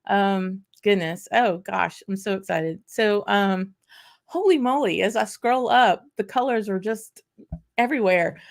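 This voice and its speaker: A woman hosting a casual livestream, excitedly greeting viewers by name with lots of fillers. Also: medium pitch, a little slow, creaky. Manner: excited, chatty, many fillers and laughs. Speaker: whisky channel host.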